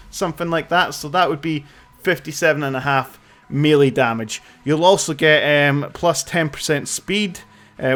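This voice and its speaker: A young man with a slightly raised voice talks through a game tutorial in a loose, chatty way. He rambles a little, filling gaps with ums and uhs. Soft music plays faintly underneath. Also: fairly high pitch. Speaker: gaming tutorial creator. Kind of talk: casual game tutorial commentary.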